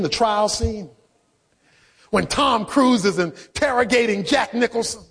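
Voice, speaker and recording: Husky high-voiced preacher man. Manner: emphatic preaching, rising to shouts. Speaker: pastor. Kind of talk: sermon.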